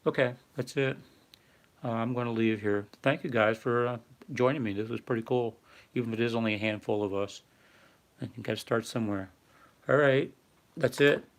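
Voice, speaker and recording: A man's voice: medium pitch, steady tone, brisk. An older man hosting a casual livestream, rambling and reading viewer chat aloud with lots of fillers. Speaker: livestream host. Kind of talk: casual live-stream talk.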